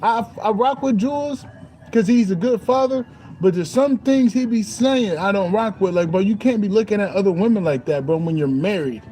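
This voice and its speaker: A man's voice: high-pitched, moderate pace, dark tone, soft background music. A young man in a casual spiritual rant as a streamer, preachy and repetitive, saying "bro" constantly.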